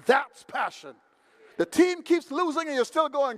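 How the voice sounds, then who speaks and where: High-voiced man preaching a lively sermon. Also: moderate pace. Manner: preaching with swings from quiet to loud, shouting at peaks; folksy storytelling with acted asides. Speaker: pastor. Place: church sanctuary.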